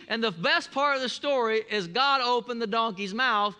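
A man's voice: extremely high pitch, normal speed, bright, forceful tone, smooth. A male pastor preaching a sermon, telling stories with folksy humor and leading the congregation in call-and-response.

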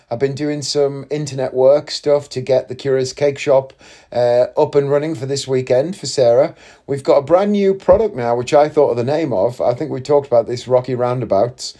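Guy rambling thru a story to his viewers, dry little asides, relaxed warm tone. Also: mid-range voice. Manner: chatty and rambling, with wry asides. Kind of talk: casual storytelling monologue.

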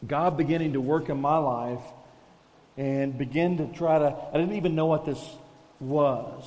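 A man's voice: on the high side, warm tone, big-room sound. A man preaching a conversational, self-deprecating sermon as a pastor, calling his listeners folks.

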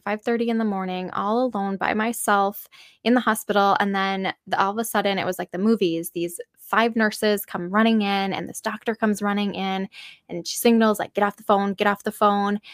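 A woman's voice: medium pitch, a bit bright, no echo, studio quality. A young adult woman earnestly telling a personal story about giving birth, emotional and full of fillers.

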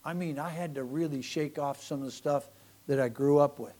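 Pastor guy preaching, fairly high voice, gets loud then drops quiet. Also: brisk. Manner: animated preaching, swings from loud emphasis to soft asides. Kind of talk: sermon.

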